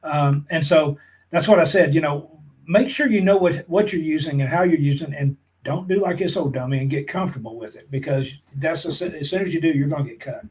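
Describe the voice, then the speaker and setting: A man's voice: a little high, a little fast, a little mellow, rough recording. A man, co-hosting a casual live-stream chat in a folksy, joking way. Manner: folksy, jokey, calls people brother. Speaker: prepping channel co-host.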